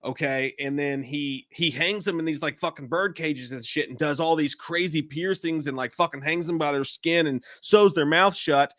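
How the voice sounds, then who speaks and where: Male co-host, bright and forceful tone, profane and excitable, dry close mic. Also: on the high side, normal speed, hardly any pauses, no echo. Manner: profane, excitable, animated storytelling. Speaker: podcast co-host. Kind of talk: casual live-stream banter.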